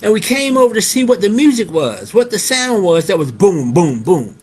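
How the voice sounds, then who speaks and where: An easygoing elderly husband explains how he came to the park, as a man acts him out. The voice sits a little higher than the teller's own. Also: sing-song, moderate pace, darkish tone, breathy edge, full character voice. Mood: eager.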